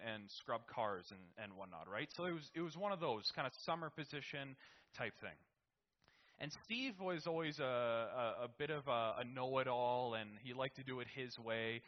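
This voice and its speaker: A man's voice: medium pitch, highs cut off. Rambling man telling a story. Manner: rambling with many restarts and "right?". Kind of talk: casual spoken anecdote.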